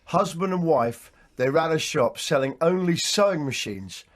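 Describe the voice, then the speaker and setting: A man's voice: a little high, expressive, normal speed. A man hosting a sports radio show, telling rambling, jokey stories and often repeating his words. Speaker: radio host.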